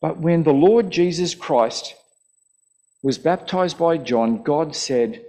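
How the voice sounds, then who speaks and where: A male preacher delivering a sermon in a slow, deliberate voice. His voice sits a little higher than most men's, and he leans into quoted verses with emphasis. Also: expressive, dark tone.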